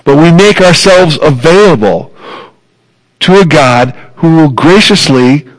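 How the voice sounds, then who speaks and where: A man's voice: fairly high pitch, poor audio. A man preaching a sermon as pastor, earnest and emphatic, repeating phrases for weight.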